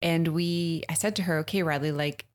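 A woman's voice: deep voice, steady tone, normal speed. A woman in her thirties co-hosting a podcast in casual chat, blunt and laughing often, swearing freely. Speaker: podcast co-host.

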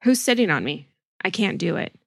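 A woman's voice: on the low side, big pitch swings, brisk, gravelly, fairly bright tone, no echo, clean studio sound, exaggerated voice. A woman voicing a terrified ten-year-old girl as she reads a transcript aloud, pleading and panicked. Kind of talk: dramatic transcript reading.

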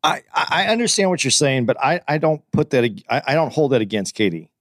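A man co-hosting a podcast in casual chat, calm and measured, often stammering and repeating his first words. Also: mid-range voice, no echo, clean studio sound. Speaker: podcast co-host.

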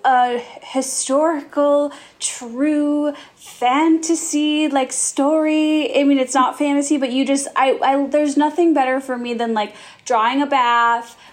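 Woman co-host, high-pitched, loose rambling chatter. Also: fairly even intonation, moderate pace, hardly any pauses. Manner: chatty, filler-heavy, rambling. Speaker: podcast co-host. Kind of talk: casual chat.

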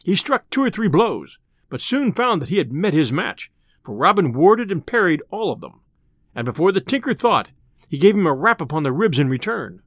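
A man reading an old tale aloud in an expressive, theatrical narration. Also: high-pitched, moderate pace, no room sound, clean studio sound. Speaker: storyteller.

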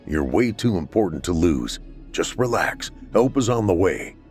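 A man voicing a calm, smiling man in a suit who reassures a wounded doctor in a horror story. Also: low voice, moderate pace, faint music behind.

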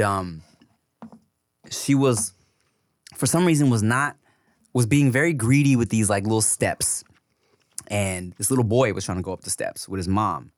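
A man's voice: medium pitch, no room sound, studio quality. A man in his thirties, a podcast co-host, telling a story in casual, profane chat and laughing often. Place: podcast studio.

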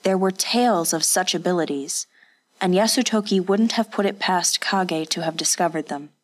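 A woman reads a historical story in steady, scripted narration. Her voice sits somewhat low, and she keeps an even, measured storytelling pace. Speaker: audiobook narrator.

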